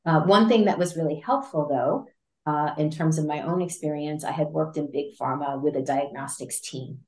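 Sitting low in pitch and talking at normal speed, this woman is an interview guest and patient advocate recounting a story with lots of energy. Frequent laughter, fillers and false starts run through her telling, and the space sounds roomy and echoey.

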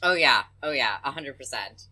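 A woman co-hosting a podcast in casual chat, mostly agreeing briefly and now and then adding a quick critical aside. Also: very deep voice, lively intonation, sharp tone. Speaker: podcast co-host.

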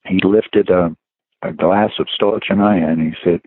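Chatty male guest reminiscing, low-pitched, heard over a tinny phone line. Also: fairly even intonation, normal speed, slightly rough, no room sound. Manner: rambling anecdotes with chuckles and "you know" fillers. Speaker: guest musician. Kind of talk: casual storytelling interview.

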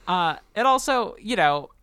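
A woman's voice: mid-range voice, fairly bright tone, clean tone, dry recording, studio quality. A woman co-hosting a casual book podcast, rambling with lots of fillers and restarts and laughing often. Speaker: podcast co-host. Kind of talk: casual book-discussion chat.

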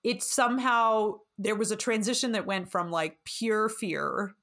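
A woman hosting a podcast interview, reacting with enthusiasm and warm laughter. She asks her questions in an easy, conversational way. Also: medium pitch, measured pace. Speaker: podcast host. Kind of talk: casual chat.

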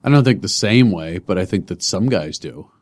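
Low-voiced young man, loose and chatty. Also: animated, moderate pace, a little mellow. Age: 20s. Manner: loose and chatty, many restarts and fillers. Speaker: guest comedian and personal trainer. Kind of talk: casual podcast conversation. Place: studio.

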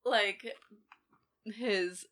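A woman's voice: mid-range voice, drawn-out words, fairly bright tone. A young woman co-hosting a podcast, chatting casually about a film, laughing and quoting lines. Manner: laughs often, quotes the film with cursing. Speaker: podcast co-host.

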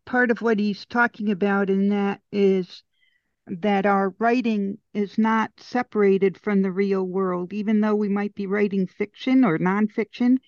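Slow, thoughtful woman co-host. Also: medium pitch, steady tone, a little mellow, dry recording, lo-fi sound. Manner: thoughtful, explains a book she is reading. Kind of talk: casual group discussion.

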